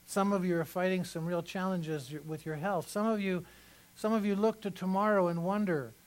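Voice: mid-range voice, fairly even intonation, normal speed, low-quality recording. Pastor, mid-range voice, chatty sermon delivery that leans on repetition. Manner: conversational, repeats phrases for emphasis.

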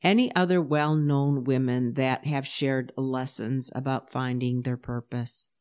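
A woman's voice: very deep voice, fairly even intonation, a little slow, darkish tone. A woman hosting an interview, asking questions and giving short encouraging replies. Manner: brief, encouraging prompts and affirmations. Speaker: host.

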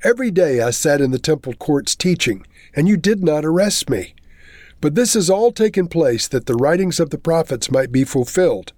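A man's voice: fairly high pitch, animated, normal speed, darkish tone, no room sound. A man reading a Bible chapter aloud and then explaining it in a plain teaching manner.

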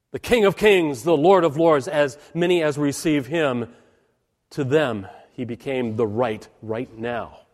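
A man's voice: mid-range voice, a little mellow, in a large hall. A man preaching a sermon with dramatic, rising and falling delivery and repeated phrases.

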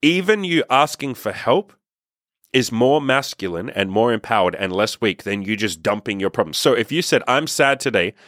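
A man's voice: lowish voice, animated, normal speed, fairly bright tone, no echo. Blunt, emphatic young man on a dry mic. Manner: blunt, emphatic, casual swearing. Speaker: podcast host. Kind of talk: motivational monologue.

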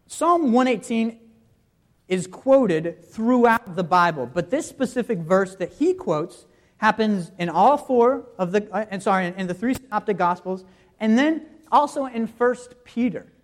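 A preacher giving a sermon, walking listeners through scripture passages and posing rhetorical questions to the congregation. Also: mid-range voice.

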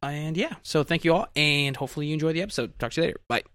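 A young adult man hosting a casual podcast, excitable and rambling, often laughing. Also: fairly high pitch, rapid-fire. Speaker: podcast host.

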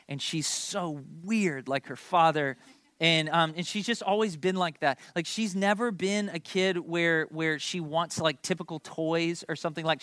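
Guy pastor in his 30s telling a story from the pulpit, kinda high voice, super dry mic. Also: no echo. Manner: animated storytelling with playful asides to the congregation. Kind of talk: sermon.

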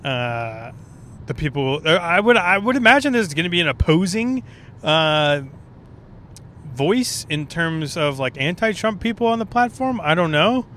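A stand-up comedian rambles through a solo podcast monologue recorded on the road, laid-back and profane. His voice sits on the high side, a bit bright, with big pitch swings and an unhurried pace, over slight background noise.

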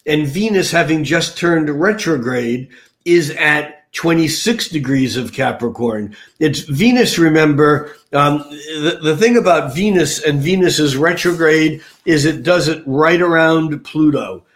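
An older man with a fairly high voice discusses the month ahead on a podcast. He rambles, restarts his sentences and fills the pauses with ums. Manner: rambling, many fillers and restarts. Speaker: astrologer guest.

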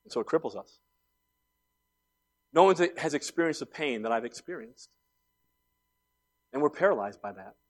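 A man's voice: mid-range voice, expressive, moderate pace, pauses often. Conversational preacher man in his forties. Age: 40s. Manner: storytelling, conversational, builds to emphatic outbursts. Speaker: pastor. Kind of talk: sermon.

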